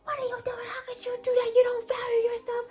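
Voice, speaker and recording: A woman imitating an angry, jealous young man who scolds in a high, shrill voice. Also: completely flat delivery, fast talker, a little mellow. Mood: angry accusing.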